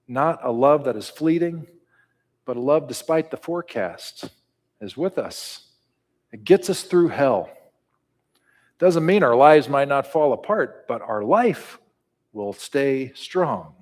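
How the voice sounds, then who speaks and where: A man's voice: a little high, big pitch swings, a little slow. A man preaching a sermon and leading a prayer, earnest and building to call-and-response. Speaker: pastor. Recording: reverberant hall.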